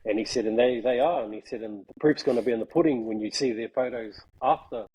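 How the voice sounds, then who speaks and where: A man's voice: medium pitch, lively intonation, fast talker, mellow, breathy edge, rough recording. A man telling a story in casual chat, laughing often and saying "bro" a lot. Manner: laughing, slangy, peppers speech with "bro". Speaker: guest.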